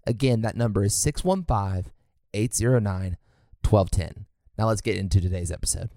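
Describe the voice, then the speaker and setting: A man's voice: on the low side, moderate pace, vocal fry, dark tone, no echo. A man making a friendly, inviting podcast announcement as host.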